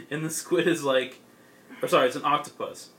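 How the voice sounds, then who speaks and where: A man's voice: a little high, steady tone, unhurried, fairly bright tone. A young man in a casual chat, rambling through a comic's plot with lots of fillers and laughs. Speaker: podcast co-host.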